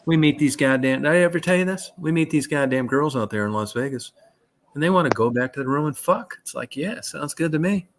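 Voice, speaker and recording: A man's voice: on the high side, a little fast, noisy background. A man telling rambling, profane anecdotes in a casual chat. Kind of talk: casual storytelling.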